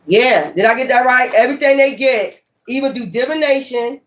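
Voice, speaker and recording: A woman's voice: high-pitched, normal speed, a little hiss or hum. A woman giving a tarot reading in a blunt, profane, emphatic way. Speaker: tarot reader.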